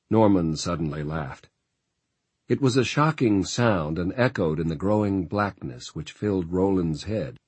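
Deep husky male audiobook narrator. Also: measured pace, darkish tone, dry recording. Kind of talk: scripted narration.

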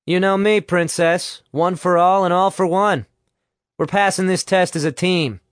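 A man's voice: medium pitch, measured pace, smooth, no echo, studio quality, natural voice. A man voicing a sardonic, scheming young male student who cracks sarcastic jokes in a storybook reading. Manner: wisecracking, sarcastic.

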